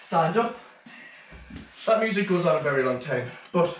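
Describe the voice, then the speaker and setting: A man teaching an online ballet class for small children, calling out steps and counting the beats with steady encouragement. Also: fairly high pitch, moderate pace, echoey room, far from the mic, slight background noise.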